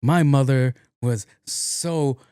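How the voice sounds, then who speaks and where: A young adult man hosting a podcast, telling a comic story in a loose, profane and animated way, often laughing along with himself. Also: mid-range voice, slow pace, smooth, no room sound, studio quality. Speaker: podcast host. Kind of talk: casual comedic storytelling monologue.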